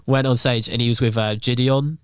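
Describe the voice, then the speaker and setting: A man's voice: mid-range voice, steady tone, a little fast, clean tone, dry recording, clean studio sound. A young man telling stories on a podcast as the guest, with lots of fillers like "um" and "like". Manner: rambling, filler-heavy storytelling. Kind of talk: casual podcast chat.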